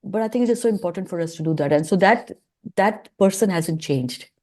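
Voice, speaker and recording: A middle-aged woman with a low, mellow voice tells a story from her youth as a podcast guest. She slips into the voices of the people she quotes and keeps the telling vivid. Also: lively intonation, brisk. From India. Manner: vivid storyteller acting out dialogue. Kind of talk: storytelling interview.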